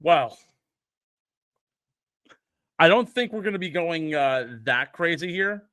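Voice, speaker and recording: Bright-voiced podcast host, teasing. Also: male voice, fairly high pitch, animated, takes it slowly, clear, resonant tone, no echo, studio quality. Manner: teasing, quizzes the other host. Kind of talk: casual podcast banter.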